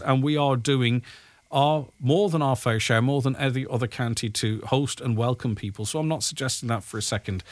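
A man's voice: mid-range voice, no echo. A man with a Donegal Irish accent presenting a radio show, chatting casually and reading out listener messages with plenty of ums and uhs. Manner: chatty and conversational, with frequent fillers.

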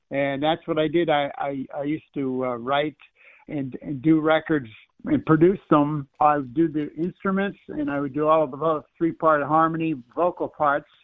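Older man, californian accent, rambling and hesitant, slightly high voice, dry tinny phone line. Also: no echo. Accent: Californian American. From Ireland. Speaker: musician guest. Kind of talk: phone interview.

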